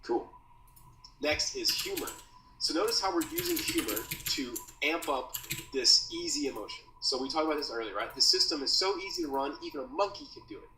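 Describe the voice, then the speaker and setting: Slangy animated man in an echoey room. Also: a little high, a little fast. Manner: slangy, loose, says dude and bro. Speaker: copywriting course creator teaching. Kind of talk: casual teaching talk. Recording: roomy echo, mic at a distance, faint noise.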